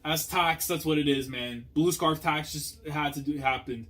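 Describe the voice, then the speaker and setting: Excitable young man reacting to manga. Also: a little high, moderate pace, hardly any pauses. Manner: excitable, slangy, swings between muttering and loud outbursts. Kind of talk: casual reaction commentary.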